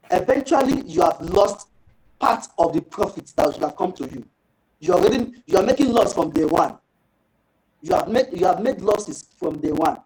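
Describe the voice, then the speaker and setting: A man giving a fish farming training talk, lively and rhetorical, acting out little dialogues. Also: sits high, rough recording.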